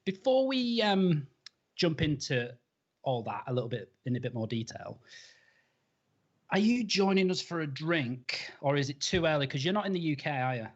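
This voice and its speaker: A man's voice: on the high side, sing-song, moderate pace. A man hosting a live-stream interview, upbeat and casual with many um fillers. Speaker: show host. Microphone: video call. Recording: slightly dull live-stream audio.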